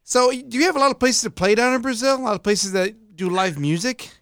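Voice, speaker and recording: A man's voice: extremely high pitch, fairly quick, fairly bright tone, smooth, no room sound. A man hosting a radio show, talking casually and with enthusiasm, laughing often.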